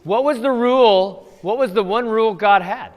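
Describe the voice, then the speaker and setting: High-voiced man teaching kids in echoey hall. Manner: asks quick questions of kids. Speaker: children's ministry teacher. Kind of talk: Bible story review with children. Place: church children's room. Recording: long hall reverb.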